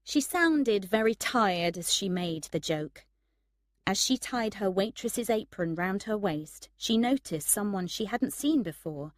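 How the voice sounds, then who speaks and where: Woman, audiobook narration for learners, unhurried, dry close sound. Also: mid-range voice, lively intonation, no echo. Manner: slow, clear reading for learners. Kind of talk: graded-reader audiobook narration.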